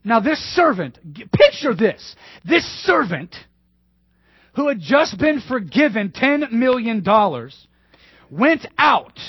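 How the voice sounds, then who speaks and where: High, husky-voiced male pastor preaching. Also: sing-song, slow, dry recording. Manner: emphatic, repeating key phrases, drops to hushed asides. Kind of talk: sermon. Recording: dull dry lo-fi sermon recording.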